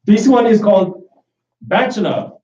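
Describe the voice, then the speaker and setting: A joking male host in casual chat, halting and restarting as he talks. His voice sits a little high, and he sounds set back from the mic in an echoing room. The sound is dull and muffled. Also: very animated, warm tone, slight background noise. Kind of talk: casual live-stream chat. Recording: roomy, distant, dull live-stream audio.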